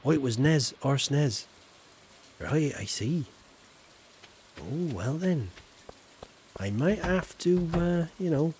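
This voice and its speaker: Gravelly, chatty man streaming a game. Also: medium pitch, animated, slow, pauses often, a little mellow, a little hiss or hum. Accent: southern English. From Yorkshire, England. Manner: chatty, playful, talks straight to chat viewers. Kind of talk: casual live-stream chat while gaming.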